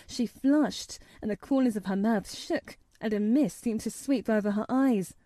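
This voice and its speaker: A woman narrating an audiobook in a gentle, measured storytelling manner. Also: on the high side, no room sound. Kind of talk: audiobook reading.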